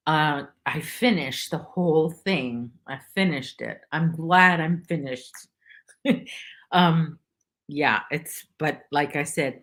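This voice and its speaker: A woman talks slowly in a rambling, chatty way while she crochets on a livestream. Her voice sits low. She greets viewers by name from her home. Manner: rambling, chatty, reads viewers' names aloud. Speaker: livestream host. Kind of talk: casual chat while crocheting.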